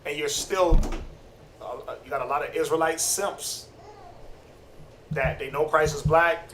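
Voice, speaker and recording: A man giving a casual, slangy sermon-style Bible teaching, animated and conversational. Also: a little high, a little slow. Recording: roomy, distant mic, faint noise.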